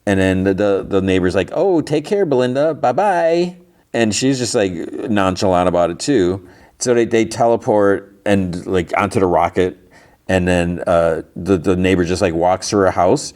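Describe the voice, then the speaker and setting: Here a podcast host speaks in a low, darkish voice with fairly even intonation and a moderate pace. His casual TV episode recap meanders, packed with fillers and restarts.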